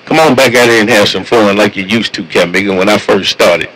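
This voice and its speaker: A man's voice: on the low side, a little fast, a bit bright, rough recording. A man talking with fellow truckers over CB radio in a laid-back, slangy way, repeating his catchphrases. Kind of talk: casual CB radio chat.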